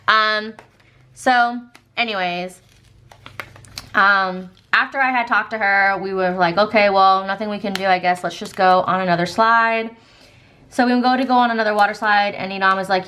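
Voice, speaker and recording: A woman's voice: mid-range voice, moderate pace, pushed and bright. A woman with a Southern American accent chats through a long story as she works on her planner. She talks loosely, with lots of fillers, and acts out the dialogue of the people in it. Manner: chatty, many fillers, quotes others in dialogue. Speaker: planner vlogger. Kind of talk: casual storytelling while planning.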